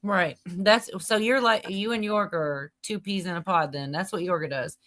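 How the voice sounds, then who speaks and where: A woman's voice: fairly low pitch, normal speed, a crowd in the background. A woman hosting a casual livestream chat, playful and laughing often. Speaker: livestream host.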